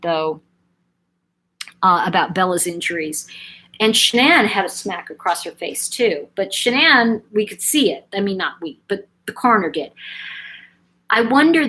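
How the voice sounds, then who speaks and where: A woman's voice: medium pitch, a bit bright, low-quality recording. A middle-aged woman hosting a casual live-stream chat, reading out viewer comments with lots of ums and restarts. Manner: chatty, reads out viewer comments, frequent ums and self-corrections.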